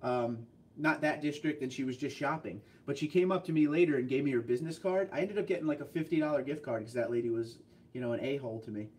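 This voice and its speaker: A man's voice: mid-range voice, darkish tone, recorded from a distance, slight background noise. Chatty guy, set back from the mic. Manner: chatty, rambling storyteller with quick asides. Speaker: livestream host reading viewer chat. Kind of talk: casual livestream chat.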